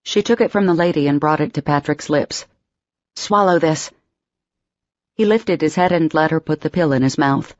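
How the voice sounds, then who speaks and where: A woman narrating an audiobook in a steady, expressive storytelling voice. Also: sits low, fairly quick, few pauses, dry recording, highs cut off. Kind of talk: scripted narration.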